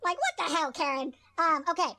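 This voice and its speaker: A woman reading fan fiction aloud with friends for laughs, jokey and animated, swearing and laughing as she goes. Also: very high-pitched, brisk. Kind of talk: casual comedic reading aloud.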